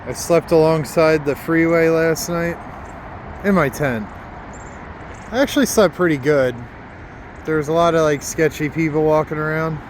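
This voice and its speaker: A man's voice: a little high, normal speed, long pauses. Laid-back man vlogging outdoors by traffic. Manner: laid-back, rambling, self-deprecating. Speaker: walking vlogger. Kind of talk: casual vlog monologue. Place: outdoors by a freeway and streets. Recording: outdoor traffic noise behind.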